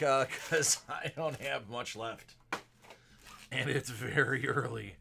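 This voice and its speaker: A man's voice: medium pitch, takes it slowly, creaky, background noise. Man with a sore, strained throat. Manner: rattles off card names, bursts of excitement at big pulls. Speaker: card breaker on a live stream. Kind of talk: live card-break commentary.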